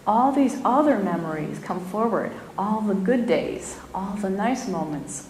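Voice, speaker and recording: A middle-aged woman giving a gentle, expressive spiritual talk to a live audience. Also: medium pitch. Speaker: spiritual teacher. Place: spiritual community hall. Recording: echoey hall, faint room noise.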